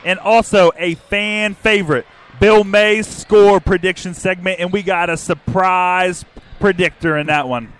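An upbeat man with a fairly high voice co-hosts a fan sports podcast. He runs the pregame segments in an announcer-like way and spells numbers out slowly and carefully. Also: fairly bright tone. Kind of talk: pregame sports broadcast banter.

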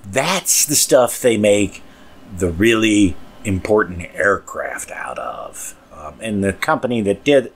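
A man's voice: on the low side, very animated, slow pace, slightly rough. A man hosting a podcast, talking in a casual, rambling way with crude language and mumbled asides. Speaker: podcast host.

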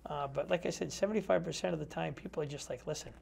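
A man's voice: a little high, fast talker, gravelly, hardly any pauses, breathy edge. A man who is a metal detectorist, a guest in a casual interview chat in a TV studio, telling stories, acting out dialogue and using many fillers. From Connecticut. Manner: storytelling, acts out quoted dialogue; chatty, many fillers like "you know". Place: community TV studio.

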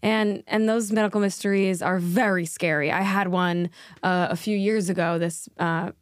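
A woman's voice: lowish voice, fairly even intonation, normal speed, no room sound, lightly acted. An actress playing an oblivious, self-absorbed female wellness show host in a scripted comedy, talking in an airy, rambling way.

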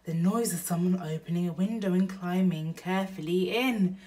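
A mother reading a bedtime storybook aloud to her baby in a slow, gentle pace. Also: on the low side, far from the mic, a little hiss or hum.

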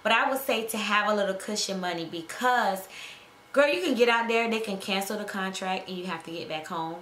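A woman's voice: mid-range voice, brisk, fairly bright tone. A woman travel nurse giving casual advice to her viewers, sassy and emphatic, calling them girl and honey. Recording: echoey room with faint noise.

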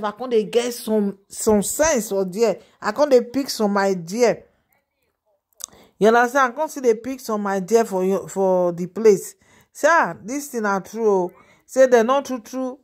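A woman with a Nigerian Pidgin accent hosting a gossip channel, rambling and animated, often asking her listeners if they understand. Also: on the high side. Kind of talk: casual gossip commentary.

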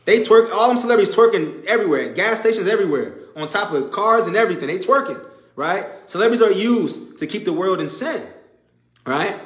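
Man, preacher, emphatic informal sermon, high-pitched, roomy echo. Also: lively intonation, fairly quick, fairly bright tone. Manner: emphatic, repetitive, conversational street preaching. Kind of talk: informal sermon to a live audience.

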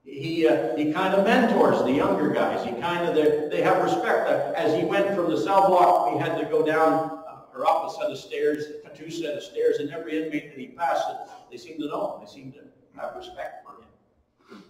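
A man preaching a sermon as pastor, telling stories with big swings between loud and soft passages. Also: normal speed. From eastern Ontario, Canada. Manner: storytelling, animated with strong rises and drops in pitch and volume. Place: church hall. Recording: echoey hall, recorded from far off.

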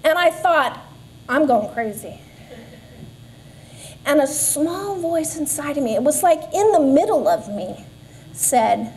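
Female, 40s, high pitch; earnest personal testimony at Sunday school, faint background noise. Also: sing-song, slow pace, darkish tone. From Southern California. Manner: earnest storytelling with self-deprecating asides. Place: church classroom.

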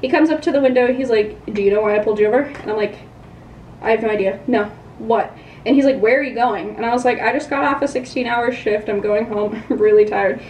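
A young woman rambles through a casual storytime, chatty and self-deprecating. Her voice sits a touch high. The room echoes around her, with faint background hum. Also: fast talker, hardly any pauses, a little mellow, recorded from a distance. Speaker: vlogger.

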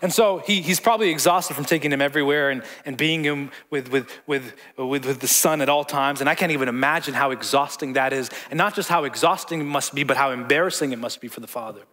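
A man's voice: mid-range voice, fast talker, few pauses, fairly bright tone. A man preaching a sermon as pastor in a church hall, conversational, repeating words and joking with the congregation.

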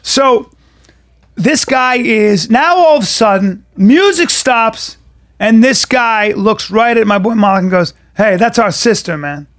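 A middle-aged man with a notably high voice spins a rowdy tale on a podcast. He talks loosely, swears freely and jumps into other people's voices as he goes. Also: slow. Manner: animated, profane, acts out other people's voices. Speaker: podcast co-host. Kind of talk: casual storytelling chat.

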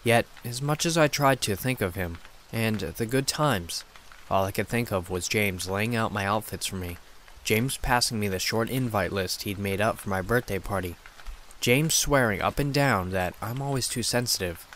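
A man reads a scary story with steady, dramatic delivery. His voice sits fairly low, and faint noise runs underneath. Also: moderate pace. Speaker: horror story narrator. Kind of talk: scripted horror narration.

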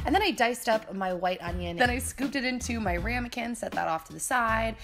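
A woman's voice: a little high, a bit bright. A woman vlogger talking in a bubbly, upbeat, chatty way as she walks through a cooking video in her new, mostly empty kitchen. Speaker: lifestyle vlogger. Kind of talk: casual cooking vlog talk.

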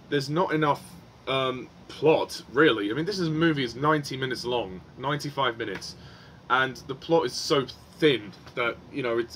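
A man's voice: mid-range voice, a bit bright, a little hiss or hum. A man giving a frustrated, swearing film review, with many ums and restarts.

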